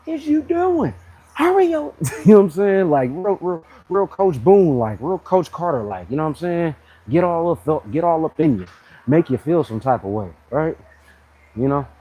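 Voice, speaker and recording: A man in his thirties talks straight to viewers in a loose live-stream chat about training. He sounds blunt and animated, leaning on slang and popping into higher voices to mimic people. His tone stays dark and mellow. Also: poor audio. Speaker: fitness channel host.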